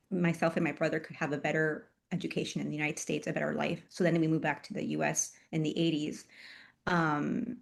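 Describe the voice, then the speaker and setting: A woman guest and author telling a personal story in an interview, reflective, with many pauses and fillers. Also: fairly low pitch. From Chile.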